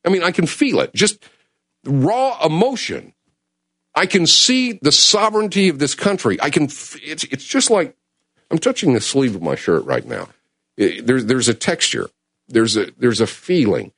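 A man hosting a call-in talk radio show, speaking with urgent, emotional passion that swings between loud and hushed. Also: medium pitch, sing-song, a little slow, husky, no echo, clean studio sound. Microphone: studio mic.

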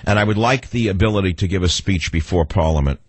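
Man, New York accent, talk radio host, sarcastic rant, gruff husky voice, dead-dry studio sound. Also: low voice, fast, no room sound. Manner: combative, sarcastic ranting.

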